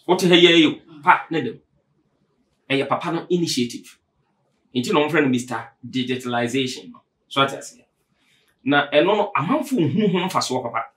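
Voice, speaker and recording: A man's voice: medium pitch, animated, moderate pace, pauses often, fairly bright tone. A Ghanaian man, a panel guest, explaining politics at length and mixing in English terms. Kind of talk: political discussion.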